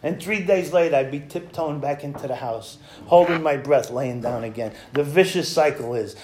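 A man's voice: fairly high pitch, lively intonation, moderate pace, few pauses, a little mellow, a little hiss or hum. A man sharing his personal recovery story at a meeting, talking conversationally, acting out old conversations and chuckling at himself. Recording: echoey room.

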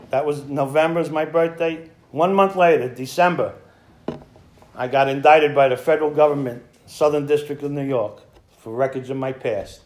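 A middle-aged man telling his recovery story at a meeting, acting out the other people in it. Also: a little high. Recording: echoey room with faint noise.

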